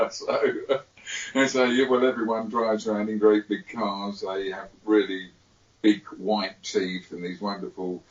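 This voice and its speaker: A low-voiced man with a London accent chats easily, laughing through his stories and tossing in cheeky asides. He sounds distant in an echoey room, and the audio is dull and muffled. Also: level tone, measured pace. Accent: London English. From England. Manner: chatty, laughs often, playful asides. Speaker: guest. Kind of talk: casual conversation.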